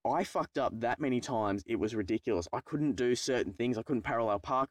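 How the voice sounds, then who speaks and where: Brisk and medium in pitch, a young Australian YouTuber tells a personal story about taking his driving test in a casual vlog, wandering off track, cursing and mocking himself. The recording is dry.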